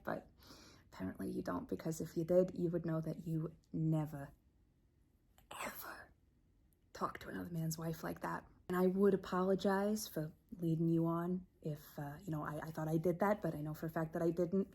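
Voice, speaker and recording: A woman acting out a sharp-tongued married woman from a crime family in an improvised comedy scene, condescending and mock-sweet, dropping into low menacing whispers.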